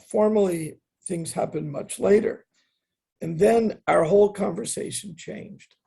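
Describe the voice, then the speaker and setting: Older man, interview guest, gravelly, raspy, slightly high voice, earnest with dry humor. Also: dark tone. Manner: earnest, wry asides, quotes others in a raised voice. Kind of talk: reflective storytelling.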